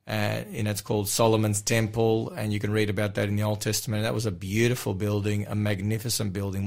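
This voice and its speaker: A man with a croaky, hoarse voice co-hosting a Bible study on the radio, talking earnestly with many fillers and restarts. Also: on the low side, darkish tone. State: hoarse from a recent illness. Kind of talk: casual on-air Bible discussion. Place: radio studio.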